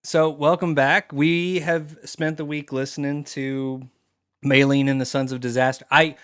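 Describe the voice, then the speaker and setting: A man's voice: fairly high pitch, little pitch movement, unhurried, a bit bright, clear, resonant tone, no room sound, clean studio sound. Laid-back male podcast host. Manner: loose, laughing, rambling with fillers. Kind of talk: casual podcast chat and read sponsor ad.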